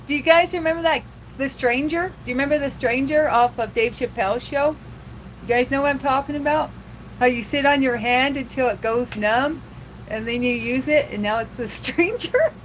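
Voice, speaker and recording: A woman's voice: high-pitched, moderate pace, slight background noise, rough recording. Giggly woman chatting on a livestream. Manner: giggly, laughs often, chatty and loose. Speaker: livestream host. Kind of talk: casual livestream chat with viewers.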